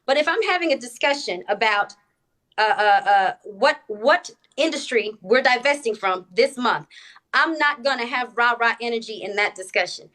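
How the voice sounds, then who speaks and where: Measured woman speaking on a phone livestream. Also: fairly high pitch, expressive, sharp tone. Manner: measured, deliberate, with many fillers. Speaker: TikTok live guest. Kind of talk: casual live-stream debate.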